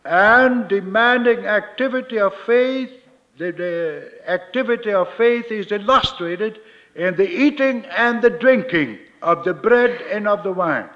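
A man preaching a sermon as a minister, slow and emphatic, repeating his key phrases. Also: sits high, expressive, a bit bright, highs cut off.

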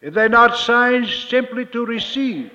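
A man preaching a sermon as a minister, slow and emphatic, repeating his key phrases. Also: extremely high pitch, animated, pushed and bright, lo-fi sound.

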